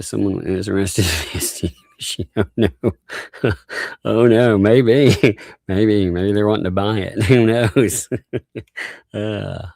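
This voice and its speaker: A man with a low, gravelly voice chats loosely on a livestream, reading out donations and thanking each viewer by name. He laughs easily between messages. The sound is close and dry, with no room around it. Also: a little mellow, no echo. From United States. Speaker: livestream host. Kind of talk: casual livestream chat reading out super chats.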